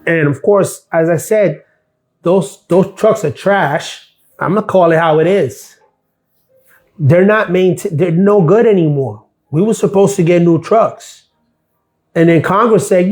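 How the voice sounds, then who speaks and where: A man's voice: high voice, a little slow, a little mellow. A middle-aged man hosting a live stream, ranting bluntly and sarcastically about his workplace and swearing freely. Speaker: live stream host, former mail carrier.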